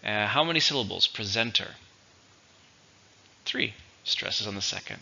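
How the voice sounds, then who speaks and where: Male English teacher, lowish gravelly voice, slow careful delivery, dull lo-fi recording. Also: expressive, pushed and bright. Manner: slow, deliberate, spells out stress patterns. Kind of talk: recorded vocabulary lesson and dictation.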